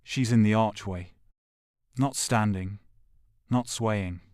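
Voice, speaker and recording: A man narrating a second-person audio drama in a grave, measured way, with short, clipped phrases. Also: on the low side, darkish tone, no echo, studio quality.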